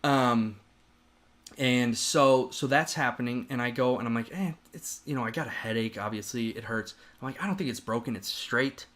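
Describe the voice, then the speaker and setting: A man on a podcast telling a story in casual chat, animated and profane, rambling with restarts. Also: medium pitch, brisk, hardly any pauses. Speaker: podcast host.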